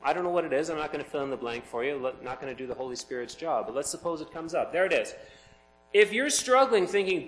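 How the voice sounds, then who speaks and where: A man's voice: a little high, expressive, normal speed, a bit bright. Earnest male preacher in an echoey room. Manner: earnest, emphatic preaching with rising intensity. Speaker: pastor. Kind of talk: sermon.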